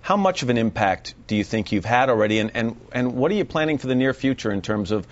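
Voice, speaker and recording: A man hosting a TV morning show, interviewing a guest with quick, articulate questions. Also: mid-range voice, lively intonation, muffled recording. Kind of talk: broadcast interview.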